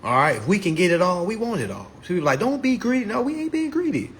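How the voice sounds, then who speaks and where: A man's voice: fast talker, a little hiss or hum. Brash, profane man lecturing on a live stream. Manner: lively pitch swings. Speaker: instructor promoting his class. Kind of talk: casual live-stream monologue.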